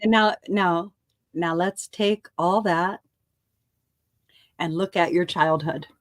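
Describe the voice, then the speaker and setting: A woman with a lowish voice leads a reflective talk calmly and deliberately. She checks in with brief questions, and her voice sounds dry and close, with no room sound. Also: no room sound. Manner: calm, measured, checks in with short questions. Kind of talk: guiding conversation.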